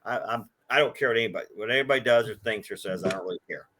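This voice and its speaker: Fast and low-pitched, the older presidential car collector rattles off a sprawling anecdote during a laid-back interview. His tone is bright and forceful, his delivery loose with frequent restarts, and he mimics anyone he quotes.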